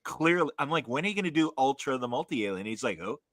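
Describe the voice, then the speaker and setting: A male podcast host with a bright, forceful voice that swings widely in pitch. He reacts eagerly and laughs often, and the sound is dry and close. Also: fast talker, no echo. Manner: laughs a lot, animated and reactive. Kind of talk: casual podcast interview.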